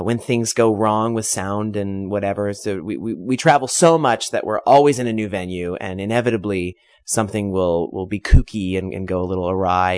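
A man's voice: on the low side, dry recording, clean studio sound. A man, a singer in a drag a cappella group, chatting playfully with lots of ums and uhs in a radio interview. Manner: playful, chatty with many fillers.

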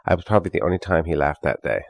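A middle-aged man, a singer in a drag a cappella group, trading deadpan bawdy wisecracks in a radio interview. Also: low-pitched, rapid-fire, vocal fry, no room sound.

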